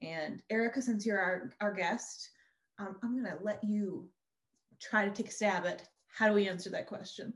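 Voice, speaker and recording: A woman's voice: medium pitch, moderate pace. A pregnant woman co-hosting a casual chat, chatty and moderating the talk. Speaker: podcast co-host.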